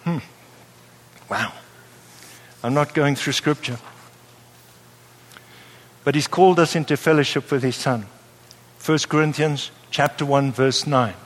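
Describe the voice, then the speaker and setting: A man preaching a sermon to a live audience in a lively, playful way, often checking that his listeners follow him. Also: fairly high pitch, measured pace, long pauses. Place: church hall with a live audience. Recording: long hall reverb.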